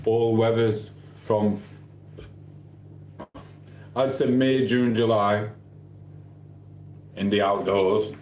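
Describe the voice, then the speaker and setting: A man's voice: on the low side, darkish tone, slight background noise. A man hosting a live stream, chatting casually in a rambling, slangy, jokey way as he reads out comments. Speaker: livestream host. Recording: roomy sound with faint ambience.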